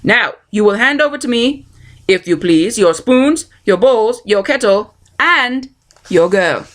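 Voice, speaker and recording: A woman voicing a dutiful king's soldier who speaks in a measured, formal, patient way. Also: a little high, expressive.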